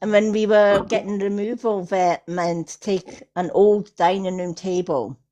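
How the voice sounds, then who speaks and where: A woman's voice: mid-range voice, fairly even intonation, a little slow, mellow. A woman hosting a live stream, telling chatty anecdotes. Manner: chatty anecdotes with frequent laughter. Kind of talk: casual chat, storytelling. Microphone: phone or computer on a live stream.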